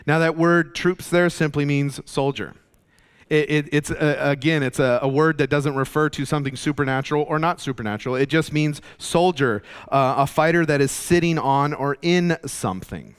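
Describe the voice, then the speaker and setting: A man's voice: on the high side, normal speed, clear, resonant tone. A man teaching a Bible study in a conversational, explanatory way, with many fillers and restarts.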